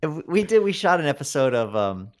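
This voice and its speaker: Lively, teasing male podcast co-host. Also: fairly high pitch, a little fast. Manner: teasing, laughs easily. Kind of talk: casual podcast chat.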